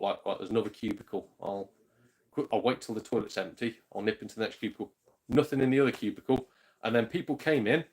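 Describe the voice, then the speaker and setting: A man chatting casually on a live stream, rambling, laughing often and greeting viewers. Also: fairly low pitch. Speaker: YouTube gaming channel host.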